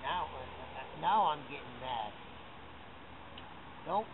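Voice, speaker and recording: A man's voice: mid-range voice, lively intonation, slow pace. A man, rambling and swearing as he explains how he fixes a bike pedal, in unscripted documentary footage. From Massachusetts, USA. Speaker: documentary subject. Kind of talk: unscripted talk while fixing a bike pedal. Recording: harsh phone-like camera audio with loud background noise.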